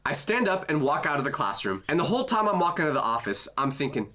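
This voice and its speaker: A young man narrating a comedic storytime with animated, self-mocking energy. His pitch leaps all over the place, and his tone is bright and forceful as he lands each punchline. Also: quick pace, hardly any pauses.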